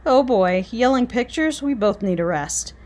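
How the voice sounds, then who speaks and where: A woman voicing a nervous grown man thief sidekick in a storybook, with a quivery voice that jumps high. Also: animated, moderate pace, darkish tone, natural voice.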